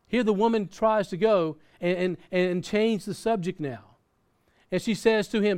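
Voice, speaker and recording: A man's voice: high voice, a little fast, darkish tone, clear, resonant tone. Earnest man preaching a sermon. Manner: earnest, repeats words and restarts, reads scripture aloud. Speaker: pastor. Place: church in Australia.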